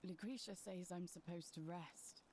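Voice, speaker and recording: An actress playing a weary young woman recovering from poisoning, speaking slowly and reluctantly in video game dialogue. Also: fairly low pitch, a little mellow, a little hiss or hum, natural voice. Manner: slow, tired, reluctant.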